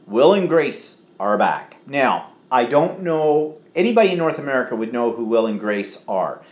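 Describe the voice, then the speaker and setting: A man's voice: medium pitch, big pitch swings, moderate pace. A man co-hosting a live home stream, chatting casually and reading out viewer comments with lots of fillers. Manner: rambling, chatty, filler-heavy. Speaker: co-host of a live stream show. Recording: echoey room.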